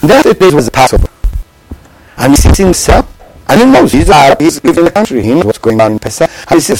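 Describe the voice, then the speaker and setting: Impassioned man preaching, lively pitch. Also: quick pace, slightly rough, rough recording. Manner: emphatic, repetitive, swings between loud and hushed. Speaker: religious teacher. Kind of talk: impassioned sermon.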